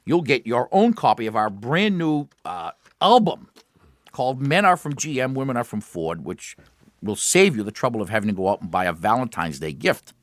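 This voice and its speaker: A man's voice: mid-range voice, sing-song, moderate pace, no room sound. A man co-hosting a jokey radio car show, telling jokes, stumbling over his words and laughing often.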